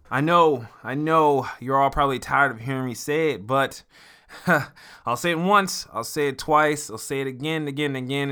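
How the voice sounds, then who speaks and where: Bright-voiced man hosting a motivational podcast. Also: mid-range voice, smooth. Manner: earnest, emphatic, slows down for key words. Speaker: podcast host.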